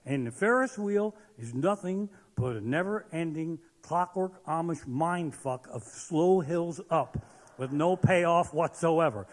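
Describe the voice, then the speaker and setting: A man doing a profane stand-up comedy set on stage, ranting and shouting his punchlines. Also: on the high side, expressive, measured pace. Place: live comedy stage in a large hall. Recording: live venue with long hall reverb.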